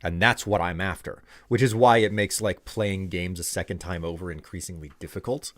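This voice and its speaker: A man with a low-pitched voice and steady tone streams a game live, chatting with viewers at a moderate pace. His talk is loose and rambling, full of fillers and restarts.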